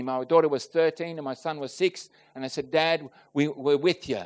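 Male preacher, high voice, heartfelt sermon testimony, talks straight to the congregation. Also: fairly even intonation, normal speed, few pauses. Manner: earnest and emotional, swelling loud on key points; addresses the congregation directly with questions. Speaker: preacher giving a personal testimony.

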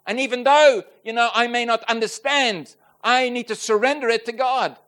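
A man preaching a personal testimony to a congregation, earnest and emotional, swelling loud on key points and asking the listeners direct questions. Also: very high voice, normal speed. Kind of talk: sermon testimony.

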